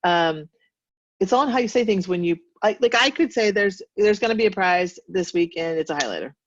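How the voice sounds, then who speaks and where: A woman's voice: mid-range voice, animated, a little fast, no room sound, lo-fi sound. A woman leading a sales team meeting in a casual, chatty way, laughing often and poking fun at herself.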